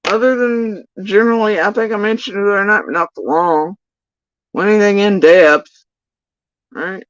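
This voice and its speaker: A woman's voice: mid-range voice, moderate pace, dry recording. A woman giving casual ranting livestream commentary, profane, sarcastic and exasperated, on a dull, dry lo-fi recording. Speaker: YouTube drama commentator.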